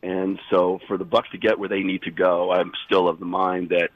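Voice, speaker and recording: A man's voice: low-pitched, flat delivery, normal speed, muffled recording. A man fighting a cold, talking basketball as an insider guest on sports radio, rambling and correcting himself as he goes. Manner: rambling, self-correcting, emphatic. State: fighting a cold, husky sick voice. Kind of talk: sports radio analysis by phone.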